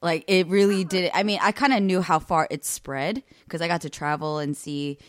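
A woman's voice: fairly low pitch, fairly even intonation, moderate pace, no room sound. A woman in a casual chat who talks with enthusiasm and laughs often.

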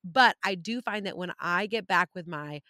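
A woman with a Californian accent hosts a relaxed podcast chat, upbeat and talkative. Her voice has a middling pitch, recorded close with no room sound. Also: moderate pace, no room sound. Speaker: podcast host. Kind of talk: casual conversation.

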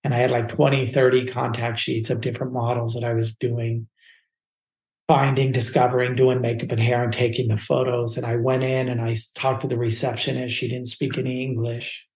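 A man's voice: mid-range voice, level tone, fairly quick, darkish tone. A man from California telling his life story as a podcast guest, candid and rambling with lots of "like". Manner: candid and rambling, uses "like" a lot. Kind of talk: personal storytelling. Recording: roomy echo.

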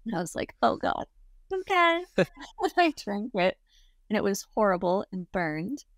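A woman guest telling a story in a casual, lively way. She laughs often and acts out the people she quotes. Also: mid-range voice, a little slow, no room sound, clean studio sound. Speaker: interview guest.

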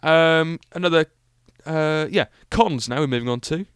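A man's voice: a little high, normal speed, clean tone, no echo, clean studio sound. A young British man hosting a solo car-review podcast, talking in a rambling, enthusiastic, self-mocking way with lots of fillers. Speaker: podcast host.

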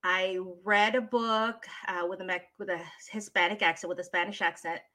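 A woman's voice: mid-range voice, normal speed. A woman from the Philippines, a former teacher turned voice talent, chatting expressively as a guest in an interview. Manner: animated storyteller, expressive. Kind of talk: casual interview chat.

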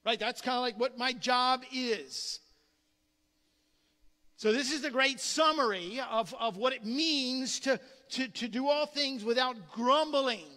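A male pastor preaching a sermon in an animated way, often repeating his words as he goes. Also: extremely high pitch, measured pace. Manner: animated preaching with frequent word repetitions. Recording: long reverb of a large hall.

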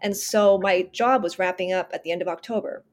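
A woman's voice: medium pitch, fairly quick. A woman of about thirty, a podcast guest telling a personal story earnestly and with emphasis, often restarting and acting out her inner dialogue. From Northern California. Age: 30s.

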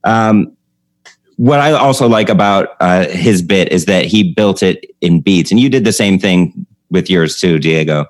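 A man's voice: sits low, a little slow, no echo. A man who hosts a comedy podcast, talking casually about stand-up craft, chatty and laughing often. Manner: chatty, laughs often, animated when telling stories.

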